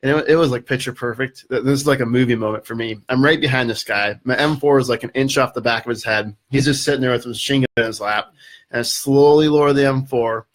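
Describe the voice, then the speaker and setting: A man telling a story as a podcast guest, casual and animated, with lots of fillers. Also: medium pitch, fast talker.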